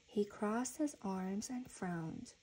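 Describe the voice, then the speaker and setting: A woman reading a children's storybook aloud in a gentle, even storytelling manner. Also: mid-range voice, slow, breathy edge, low-quality recording. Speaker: reader.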